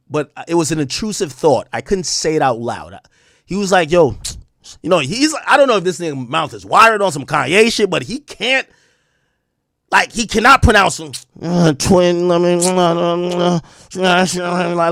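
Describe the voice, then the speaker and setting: Animated, rambling male streamer. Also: high-pitched, no echo, studio quality. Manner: rambling, profane, laughing, frequent restarts. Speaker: streamer and commentator. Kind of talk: casual storytelling rant.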